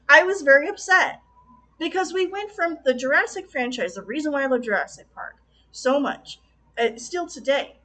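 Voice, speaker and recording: A woman talking in a casual video review, passionate and exclamatory, quick to laugh as she vents. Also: high-pitched, pushed and bright. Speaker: film reviewer.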